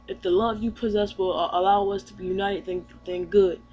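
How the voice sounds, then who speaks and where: A man's voice: high voice, steady tone, fairly quick, a little mellow, dull audio, slight background noise, lightly acted. A man voicing a creepy, obsessive male fish-man captain in a pompous, declaring way.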